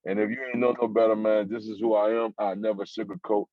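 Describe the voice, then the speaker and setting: Laid-back New Orleans rapper, low voice. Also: male voice, level tone, quick pace, a crowd in the background. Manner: laid-back street slang, repeats "you heard me". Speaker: rapper guest. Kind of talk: casual interview sign-off. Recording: muffled lo-fi audio.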